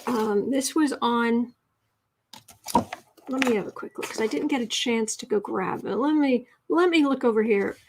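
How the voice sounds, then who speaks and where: A woman's voice: a little high, normal speed, background noise. Chatty woman hosting a writing livestream. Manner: chatty, reads chat messages aloud, thinks out loud. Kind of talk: casual livestream writing lesson.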